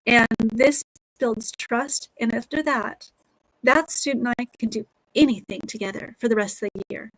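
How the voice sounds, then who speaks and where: A middle-aged woman speaks as an interview guest, earnest and reflective, now and then restarting a thought. Her voice sits a little higher than most. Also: moderate pace. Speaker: guest, author and teacher.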